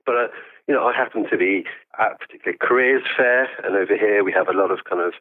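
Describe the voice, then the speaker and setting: A man's voice: lowish voice, quick pace. A man in his forties, a podcast guest dialing in from afar, who talks enthusiastically and laughs often. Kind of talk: remote interview. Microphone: phone call-in. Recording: tinny phone line.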